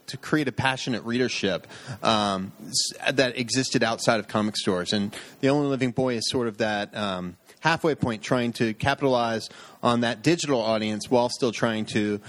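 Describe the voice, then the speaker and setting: A man's voice: medium pitch, a bit bright. A man, a comic publisher guest on a podcast, explaining his projects with frequent ums and restarts. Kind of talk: casual podcast chat.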